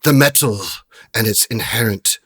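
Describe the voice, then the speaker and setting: A man voicing a scheming female merchant who talks smoothly and feigns concern. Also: fairly low pitch, moderate pace, a bit bright, dry recording. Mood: confiding.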